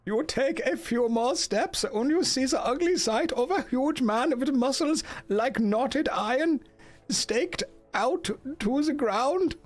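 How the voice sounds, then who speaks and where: A man putting on an exaggerated mock-German accent and a high, slow, theatrical voice to read out a gamebook. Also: expressive, exaggerated voice. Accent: put-on German. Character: over-the-top mock-German male gamebook narrator.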